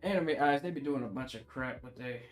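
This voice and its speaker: A man's voice: medium pitch, brisk, soft background music. A man streaming casually while he draws, joking with his chat in slangy banter and laughing often.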